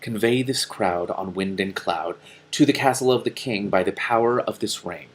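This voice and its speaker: A man's voice: medium pitch, animated, quick pace, husky. A man voicing an earnest, long-winded male magician who lectures in wordy sentences. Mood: lecturing.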